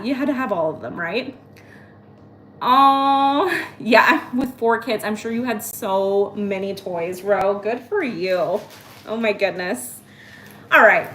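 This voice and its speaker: Woman, 30s, host; bubbly, chatty haul talk, slightly high voice, echoey home room with faint noise. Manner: chatty and excitable, addressing viewers by name. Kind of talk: casual live-stream haul chat.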